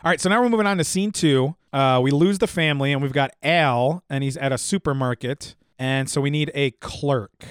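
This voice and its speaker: A man's voice: medium pitch, normal speed, few pauses, smooth, no room sound. A young man, laid-back and joking, hosting a comedy podcast script reading on a close mic. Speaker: podcast host.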